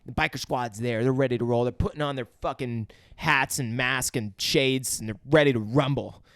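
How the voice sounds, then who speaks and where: A man's voice: mid-range voice, moderate pace, a bit bright, no echo, clean studio sound. A young man co-hosting a podcast, recapping a movie in casual chat, swearing and acting out lines. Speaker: podcast co-host.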